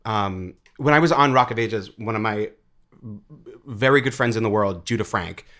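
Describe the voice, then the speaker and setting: A man talking as an interview guest about theater, animated, often saying "like" and "dude" and acting out voices. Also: normal speed. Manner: animated, acts out quoted voices with big pitch jumps; heavy use of "like" and "dude". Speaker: interview guest, actor and writer. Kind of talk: casual conversation.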